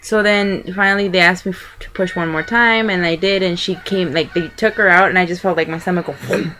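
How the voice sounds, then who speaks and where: Young woman vlogging, kinda low voice, rambly and chatty, lots of "so then" and "um", faint hiss behind. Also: steady tone, a little fast, sharp tone. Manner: rambling, chatty, many fillers and restarts. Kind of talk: casual personal storytelling.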